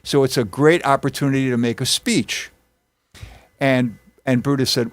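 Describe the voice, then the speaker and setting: A man's voice: mid-range voice, normal speed, no room sound. A man leading a casual group discussion and retelling a story, with acted quotes thrown in. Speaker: discussion leader.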